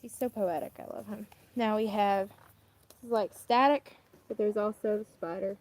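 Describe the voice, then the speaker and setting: A young woman chatting casually as she unboxes items for her vlog, rambling and often trailing off quietly at the ends of her thoughts. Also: medium pitch, steady tone, normal speed. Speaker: vlogger.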